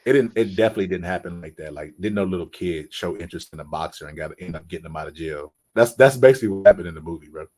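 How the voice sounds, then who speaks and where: A man's voice: low-pitched, very fast, hardly any pauses. A man hosting a casual podcast chat, telling stories in loose slang and tacking "bro" onto nearly every sentence. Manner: loose slangy talk, says "bro" constantly; lively storyteller, acts out quotes. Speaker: podcast host.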